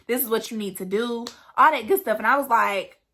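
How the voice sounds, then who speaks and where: A woman's voice: fairly high pitch, a little fast, pushed and bright. Woman, young adult, casual vlog chat, talky. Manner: chatty, asides to viewers, scolds her dog. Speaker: vlogger and new business owner.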